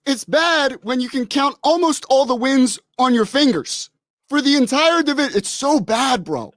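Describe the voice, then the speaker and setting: Brash high-voiced man, joking. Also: expressive, a little slow, fairly bright tone, no room sound, studio quality. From Philadelphia, USA. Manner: brash, joking, calls people bro. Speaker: podcast guest. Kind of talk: casual sports chat.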